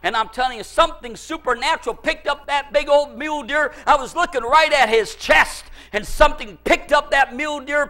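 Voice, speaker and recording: A man preaching a fervent sermon at a church service, telling stories and bursting into shouted praise. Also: extremely high pitch. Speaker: pastor.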